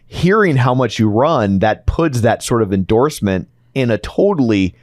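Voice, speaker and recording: A man's voice: medium pitch, animated, moderate pace, darkish tone, no echo, clean studio sound. An American man hosting a podcast, joking and telling rambling stories. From United States. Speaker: podcast host. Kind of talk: casual podcast interview.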